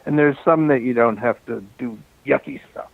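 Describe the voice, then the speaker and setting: This older man, a film director, has a mid-range voice with vocal fry and a breathy edge, and he speaks at a moderate pace. Chatting casually by phone, he rambles through anecdotes, chuckling and restarting sentences while slightly winded from walking. The line is tinny and dry, with no room sound.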